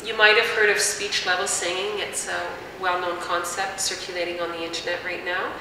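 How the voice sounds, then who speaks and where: A woman singing teacher calmly explaining vocal technique in plain words, with fillers. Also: fairly low pitch, a little fast. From Canada. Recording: echoey room, mic at a distance, faint hiss.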